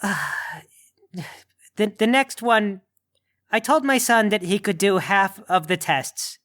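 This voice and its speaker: A man's voice: high voice, expressive, slow, a bit bright, exaggerated voice. A man voicing a grumpy old male holiday monster who blusters and complains. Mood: exasperated. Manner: blustering, exasperated.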